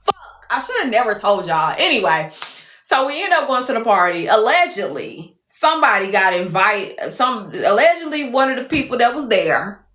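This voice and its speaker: A woman telling a story to viewers on a live stream, animated and profane. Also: a little high, normal speed, roomy sound.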